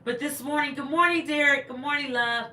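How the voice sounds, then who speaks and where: A woman's voice: high-pitched, a little fast, pushed and bright, reverberant, a little hiss or hum. A woman, a teacher, chatting casually on a livestream, greeting viewers and rambling with stumbling restarts into a laptop microphone.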